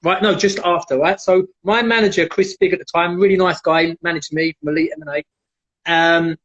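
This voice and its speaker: A man, a former MMA fighter, telling lively stories casually as a guest and acting out quotes in a raised voice. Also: fairly high pitch, fairly quick. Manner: animated, acts out quotes in raised voice. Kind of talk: casual storytelling on a livestream. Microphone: video call. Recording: dull lo-fi livestream audio.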